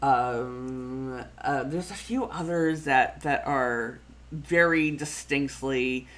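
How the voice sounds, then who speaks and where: A woman's voice: rumbling low, takes it slowly, fairly bright tone. A middle-aged Canadian woman with a Canadian accent, hosting a planning livestream in a casual, rambling chat full of fillers and restarts.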